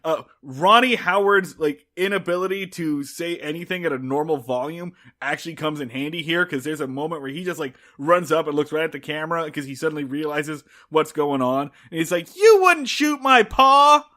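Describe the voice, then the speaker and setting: A man's voice: fairly high pitch, fairly even intonation, brisk, hardly any pauses, a bit bright. A man co-hosting a podcast, chatting casually through a recap with lots of fillers and restarts. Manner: rambling, frequent filler words and restarts. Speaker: podcast co-host. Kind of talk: casual episode recap chat.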